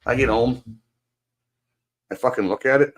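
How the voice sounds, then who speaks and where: A man's voice: mid-range voice, moderate pace. A man hosting a stream, venting in casual, profanity-laced chat on a video call. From Canada. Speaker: stream host. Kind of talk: casual rant to a guest.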